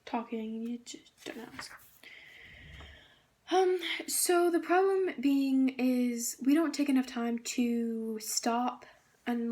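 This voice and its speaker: A woman's voice: on the high side, warm tone. A young woman giving a casual presentation on a book, reading quotes aloud and gushing with many fillers. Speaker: student presenter.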